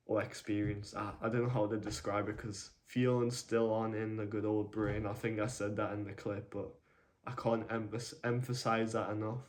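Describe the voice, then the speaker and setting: A man speaks into his camera from his own room, voice pitched on the low side and barely rising or falling. He talks in a halting, subdued way and keeps stopping to look for the right words. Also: a little mellow. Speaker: vlogger. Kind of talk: personal video diary.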